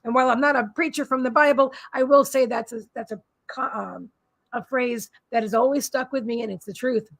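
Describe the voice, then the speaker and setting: A woman's voice: on the high side, a little fast, gravelly, fairly bright tone. A middle-aged woman, a psychic healer giving a live-streamed spiritual reading in a rambling, repetitive, soothing way.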